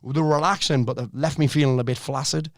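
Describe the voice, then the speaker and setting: A middle-aged man speaks as a podcast guest, direct and energetic, with plenty of swearing. His voice sits at an ordinary middle pitch. The recording is dry, with no room echo. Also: fast. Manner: blunt, energetic, swears freely. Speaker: life coach, podcast guest. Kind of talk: casual podcast conversation.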